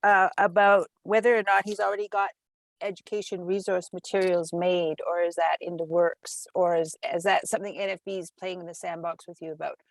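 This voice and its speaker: A woman's voice: on the low side, little pitch movement, a little fast, no room sound. A woman on a video-call panel jumping in with a curious question.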